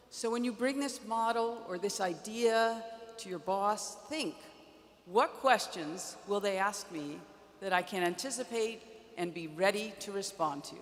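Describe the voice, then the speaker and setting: A woman around 60 giving a prepared commencement keynote from a podium, measured and wry, with dry humor in her storytelling. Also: medium pitch. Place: large indoor arena. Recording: long arena reverb.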